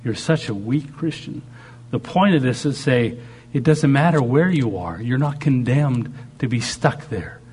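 A man's voice: mid-range voice, expressive, moderate pace, a little mellow, husky. A man preaching a sermon, shifting dramatically in tone and acting out the voices he quotes. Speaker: pastor.

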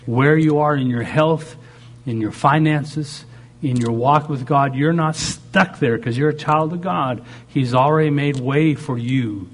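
Male pastor, sermon delivery, husky tone, dramatic swings, acts out quoted voices. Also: fairly high pitch, unhurried. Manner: preaches with dramatic shifts, acting out quoted voices.

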